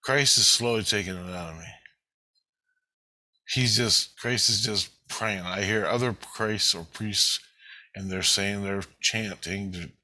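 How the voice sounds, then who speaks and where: This vlogger, a man in his fifties, has a lowish voice with a sharp tone and speaks a little slowly over a rough recording. His rambling first-person story of a spiritual experience is intense, emotional, and heavily profane.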